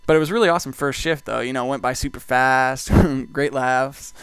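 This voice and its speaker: A man's voice: mid-range voice, fairly even intonation, normal speed, a bit bright, clean tone, no echo. A young man, rambling through a profane anecdote full of "like". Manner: rambling, profane, heavy use of "like". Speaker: vlogger host. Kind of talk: casual storytelling.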